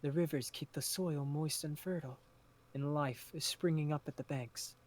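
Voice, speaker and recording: A man voicing a gentle, tentacled spirit of sorrow in a told story, speaking slowly and soothingly. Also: on the high side, fairly even intonation, close to an everyday voice. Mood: reassuring.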